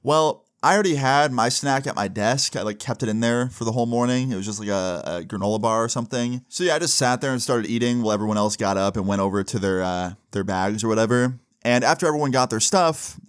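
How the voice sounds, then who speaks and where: A young man casually telling a childhood story, animated and chatty, acting out the quoted lines. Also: medium pitch, quick pace, few pauses, clear, resonant tone.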